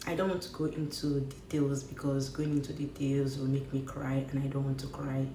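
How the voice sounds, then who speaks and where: A woman talks straight to camera in a casual, candid vlog, circling back on her words for emphasis. Her voice sits low, and the room around her rings with echo. A faint background hum stays underneath. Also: dark tone, distant mic. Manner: candid and personal, with repeated phrases. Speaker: lifestyle vlogger. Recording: echoey room with faint ambience.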